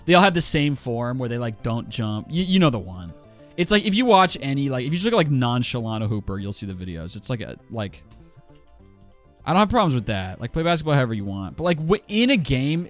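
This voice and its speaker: A man in his twenties ranting casually on a livestream while he plays a game, swearing a lot and full of fillers and restarts. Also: mid-range voice. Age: 20s.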